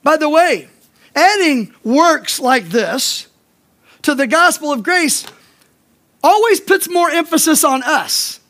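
A man's voice: extremely high pitch, expressive, slow pace, pushed and bright. A man pastor preaching a sermon to his congregation, stressing points by repeating them and asking the listeners direct questions. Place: church.

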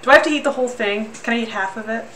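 A woman streamer chatting casually to her viewers, loudly exclaiming and laughing while suffering through a spoonful of wasabi. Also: fairly high pitch, racing, echoey room, far from the mic, a little hiss or hum. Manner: exclaiming and laughing, talks to chat. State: sniffly and pained from wasabi. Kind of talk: casual live-stream chat. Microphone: desk mic, sometimes clipping.

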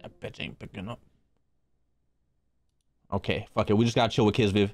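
A young man hosting a livestream, chatting casually with his chat in a loud, joking, profane way that swings into shouting. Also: lowish voice, fairly even intonation, normal speed, no room sound, clean studio sound, soft background music. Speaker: streamer hosting an art contest.

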